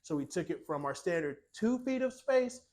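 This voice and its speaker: A high-pitched man leads a walkthrough tour of a small cabin-style home. He pitches it eagerly, speaking directly to his audience as the channel's host. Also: sing-song, normal speed, rough recording. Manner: upbeat sales pitch, addresses viewers as ladies and gentlemen.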